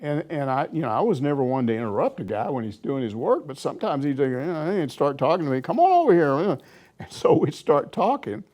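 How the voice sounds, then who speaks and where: A man's voice: medium pitch, a little fast, hardly any pauses. An older man, a sports reporter, telling anecdotes in a casual chat and laughing as he goes. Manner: animated storyteller, laughs through anecdotes. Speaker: sports reporter answering questions.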